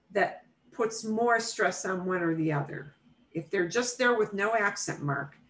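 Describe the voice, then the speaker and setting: Slow-paced woman teaching a class. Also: mid-range voice, fairly bright tone, rough recording. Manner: models pronunciation by repeating words slowly. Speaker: Spanish teacher. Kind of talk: online class instruction.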